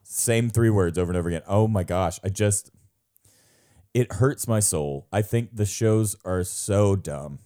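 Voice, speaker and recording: A man telling stories in casual chat, animated, laughing, and breaking into silly voices for quotes. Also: low-pitched, unhurried.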